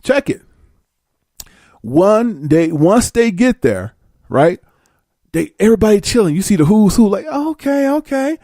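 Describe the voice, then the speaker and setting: A man's voice: sits high, animated, normal speed, warm tone, no room sound, clean studio sound. A man telling a story in a casual, blunt and profane way, slipping into voices. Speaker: vlogger.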